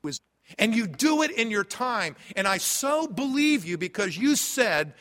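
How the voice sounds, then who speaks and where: Man, pastor, sermon, bright tone, emphatic then hushed delivery, long hall reverb. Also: big pitch swings, measured pace. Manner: preaching with swings between loud emphasis and quiet, low asides.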